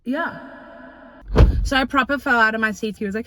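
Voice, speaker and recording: A woman's voice: high-pitched, normal speed, no echo. Chatty young south african girl filming in her car, all worked up telling a story, loads of likes and slang. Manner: excitable and chatty, lots of fillers and slang. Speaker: vlogger. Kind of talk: casual storytelling to camera. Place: parked car.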